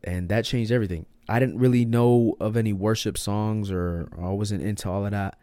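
A young man telling his personal testimony in a casual, slangy way, swinging from hushed to loud and emphatic. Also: lowish voice, steady tone, normal speed, no echo, clean studio sound. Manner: slangy and emphatic, says "bro" and "like" a lot. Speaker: podcast host sharing his testimony.

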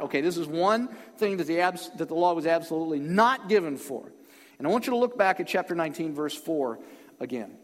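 Animated preacher with a high, lively voice. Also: male voice, brisk, in a large hall. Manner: emphatic, calls on the congregation to respond. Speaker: pastor. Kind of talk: sermon.

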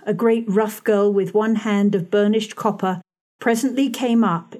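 A woman narrating a classic novel for an audiobook in a measured, even delivery. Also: mid-range voice.

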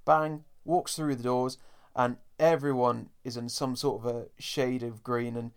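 A man's voice: mid-range voice, little pitch movement, unhurried, smooth. A man hosting a podcast in casual chat, talking to listeners as folks. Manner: chatty, addresses listeners as folks. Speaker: podcast host.

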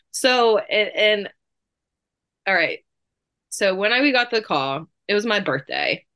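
A woman in her thirties telling her story as an interview guest, chatty and quick, with many fillers. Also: medium pitch, expressive, a bit bright. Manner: chatty, fast bursts, lots of fillers.

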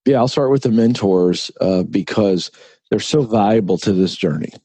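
A man's voice: on the low side, normal speed, mellow, husky, no room sound. A middle-aged man, an author and broadcaster, speaking earnestly in an interview and telling stories with emphatic repetition. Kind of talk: conversational interview.

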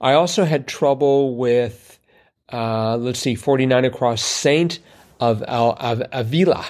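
A man's voice: medium pitch, a little slow, darkish tone. A man, co-hosting a casual chat about a crossword, rambling and joking at his own expense. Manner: joking, rambling, self-mocking. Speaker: podcast co-host.

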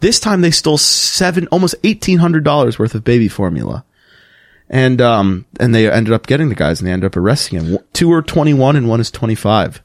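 Young male co-host, mid-range voice, dry close sound, deadpan news reading with wry asides. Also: medium pitch, a little fast, no echo. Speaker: podcast co-host. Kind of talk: casual comedic chat, reading news aloud.

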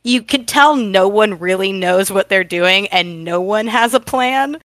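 A woman's voice: medium pitch, a bit bright, no room sound. Enthusiastic woman in a casual film chat. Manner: enthusiastic, quick laughs, rapid run-on sentences. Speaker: podcast co-host.

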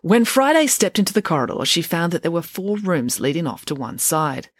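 A woman's voice: fairly low pitch, brisk, no room sound, studio quality. A woman reading a children's novel aloud, switching into voices for each character. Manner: lively storytelling with character voices. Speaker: audiobook narrator.

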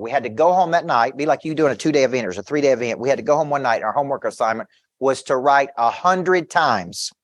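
A man's voice: on the high side, dry recording, clean studio sound. Intense, storytelling male business coach. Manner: intense, repetitive, tells stories with quoted dialogue. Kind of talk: motivational seminar talk.

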